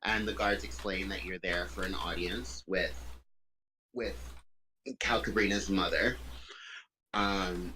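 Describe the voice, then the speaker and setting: A man narrating a tabletop game as game master, slowly and haltingly, with many pauses and fillers. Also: low voice, steady tone, pushed and bright, slight background noise, rough recording.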